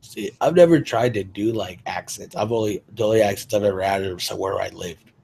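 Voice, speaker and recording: A man's voice: on the low side, a little fast, creaky, warm tone, husky. A man hosting a casual chat, rambling and profane, often restarting his sentences. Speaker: host.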